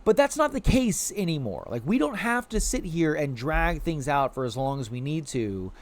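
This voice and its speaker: On a game live stream, a man with a voice on the high side talks at a normal speed. He rambles casually and animatedly to his chat, saying "like" constantly and cooing playfully at the creatures on screen.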